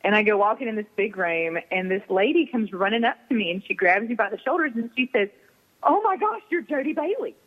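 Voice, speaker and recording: A woman's voice: mid-range voice, fast talker, hardly any pauses, narrow, tinny audio. A woman romance author telling a story on a radio talk show and acting out the people she quotes. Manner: lively, acts out quoted people. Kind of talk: casual storytelling on a radio interview.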